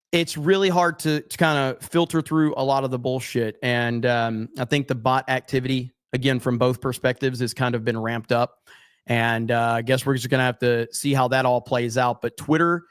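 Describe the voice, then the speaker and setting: A man's voice: medium pitch, dry recording, clean studio sound. A man commenting casually and bluntly on a live stream, cursing freely and reading viewer comments aloud. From USA.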